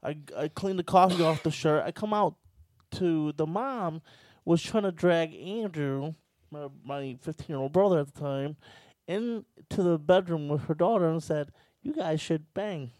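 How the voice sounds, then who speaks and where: A man tells a rowdy story to his podcast friends, profane and animated. His voice sits a little high. The sound is close and dry, with no room around it. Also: a little slow, few pauses, dry recording. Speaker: podcast co-host telling a story. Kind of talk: casual storytelling chat.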